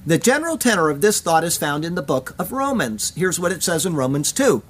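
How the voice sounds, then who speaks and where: Measured Bible teacher reading verse by verse. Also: medium pitch, very animated, a little hiss or hum. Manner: measured, emphatic reading with Hebrew terms.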